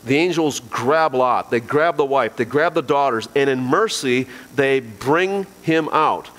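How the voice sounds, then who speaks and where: A man's voice: mid-range voice, measured pace, fairly bright tone. A man preaching a sermon to his congregation, earnest and emphatic, repeating key phrases. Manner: earnest, emphatic repetition, addresses congregation directly. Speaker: pastor. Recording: long hall reverb.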